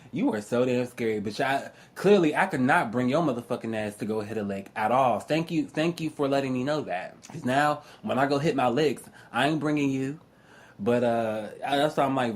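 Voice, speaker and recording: A young man telling stories in a casual, profane rant, often laughing and mimicking other people's voices. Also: medium pitch. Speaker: astrology YouTuber.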